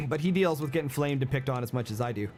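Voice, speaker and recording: A man's voice: medium pitch, lively intonation, fast talker, darkish tone, soft background music. A man giving brash, joking game livestream commentary and coaching his viewers. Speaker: game streamer.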